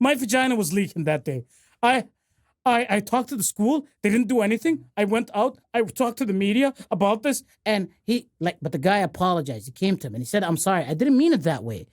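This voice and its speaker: A woman's voice: medium pitch, very animated, brisk, darkish tone. A woman raised in the Gulf, co-hosting a casual podcast chat as a comedian, rambling with many restarts and fillers. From United Arab Emirates.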